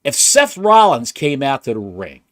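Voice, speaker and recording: A man co-hosting a casual wrestling podcast, ranting with rapid rhetorical questions. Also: medium pitch, sing-song. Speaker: podcast co-host.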